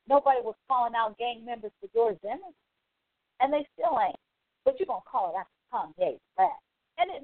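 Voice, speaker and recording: A fed-up woman hosts a call-in talk show, swearing freely and circling back to the same complaints. Her voice sits a little high. It comes through dry and tinny, like a phone line. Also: no echo. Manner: exasperated, profane, repeats herself. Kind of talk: casual live talk-show rant.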